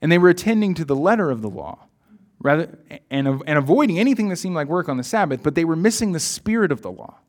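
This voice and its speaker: A man's voice: fairly high pitch, very animated, fast talker. A man preaching a sermon in an earnest, reflective way, reading his own poem aloud.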